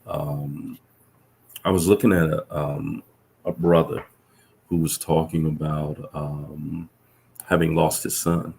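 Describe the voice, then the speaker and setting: Deep gravelly man telling earnest stories. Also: flat delivery, slow, pauses often, a little mellow, slight background noise. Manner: reflective, earnest, with many restarts. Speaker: professor, guest. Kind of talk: casual storytelling conversation.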